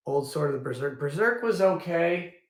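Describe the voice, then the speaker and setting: A man hosting a casual livestream, rambling and thinking aloud as he goes, often restarting his sentences. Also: fairly high pitch. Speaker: livestream host. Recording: roomy echo.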